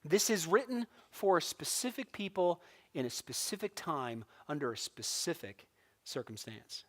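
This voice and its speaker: A man's voice: on the high side, sing-song, normal speed, fairly bright tone. A middle-aged man from California teaching a church Bible class, telling stories with acted-out quotes and laughs. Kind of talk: casual Bible lesson.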